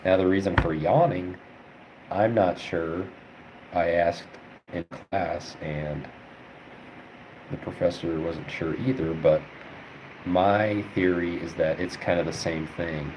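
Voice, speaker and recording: Deep-voiced young man thinking aloud. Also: fairly even intonation, slow, pauses often, background noise. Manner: rambling, thinks aloud with many fillers. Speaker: veterinary student streamer. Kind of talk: casual study livestream, answering chat.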